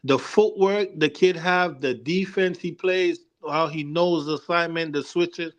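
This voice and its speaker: A man's voice: fairly high pitch, unhurried, highs cut off. A young man co-hosting a casual sports debate, talking emphatically and rambling, often repeating himself to hold the floor. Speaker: co-host.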